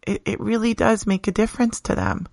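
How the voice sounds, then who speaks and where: A middle-aged woman, a teacher talking earnestly and warmly about her work in an interview, laughing often. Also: mid-range voice, fairly even intonation, a little fast, gravelly, no room sound. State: briefly tearful. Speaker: teacher, podcast guest. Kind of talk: conversational interview.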